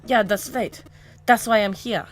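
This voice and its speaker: A woman reads a visual novel aloud, voicing a troubled grown man, an ex-cop with lost memories, in a halting, searching manner that feels urgent. Her natural voice is a little high with fairly even intonation, over soft background music.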